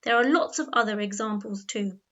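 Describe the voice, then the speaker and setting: Bright-voiced woman teaching grammar. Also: medium pitch, fairly even intonation. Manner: clear, patient, instructive, slows on key words. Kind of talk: grammar lesson narration. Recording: dull lo-fi voice-over.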